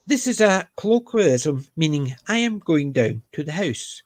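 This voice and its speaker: A man's voice: on the high side, expressive, normal speed, few pauses. A Scottish man with a light Glaswegian accent, chatting casually on a panel and retelling stories. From Scotland. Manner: chatty, storytelling with repeated phrases. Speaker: panel host. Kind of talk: casual chat.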